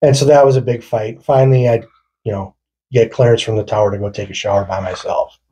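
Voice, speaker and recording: Man, husky, mellow, casual swearing storyteller. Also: fairly low pitch, steady tone, quick pace. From rural Wisconsin. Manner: loose, profane, laughing through his story. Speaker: podcast co-host. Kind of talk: casual storytelling among friends.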